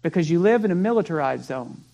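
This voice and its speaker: A male pastor preaching a sermon, telling the story dramatically and dropping to a hush for prayer. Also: a little high, animated, fast talker, gravelly, dull audio.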